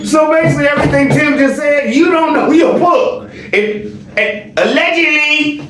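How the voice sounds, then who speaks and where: A man's voice: very high-pitched, moderate pace, recorded from a distance, background noise. Teasing slangy guy reacting to comments, sits back from the mic, room echo. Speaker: channel host. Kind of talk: casual commentary chat.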